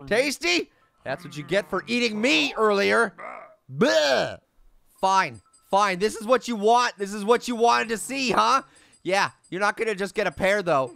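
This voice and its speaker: A man's voice: high-pitched, gravelly, pushed and bright, heavily acted. A man voicing a goofy, mischievous male talking orange, giving teasing let's play commentary with lots of giggles. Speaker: game commentator.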